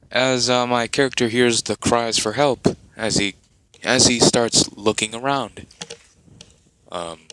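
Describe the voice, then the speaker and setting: A man telling a made-up fan story off the cuff, wandering through it with plenty of "like" and "uh". He speaks slowly and the sound is dry and close. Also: medium pitch, a bit bright, clean tone, no room sound, low-quality recording. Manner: rambling, many fillers and restarts. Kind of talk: improvised fan story narration.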